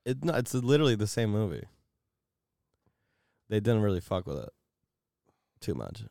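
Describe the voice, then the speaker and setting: A man's voice: fairly low pitch, very animated, normal speed, vocal fry, dark tone, dry recording, clean studio sound. A young man co-hosting a podcast, rambling through crude stories and laughing often. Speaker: podcast co-host. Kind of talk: casual chat.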